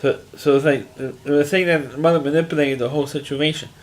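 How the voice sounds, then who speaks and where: Talking fast in a fairly high voice with a steady tone, this man gives a rambling, plain-spoken recap of a TV episode. He keeps restarting his sentences and leans on fillers.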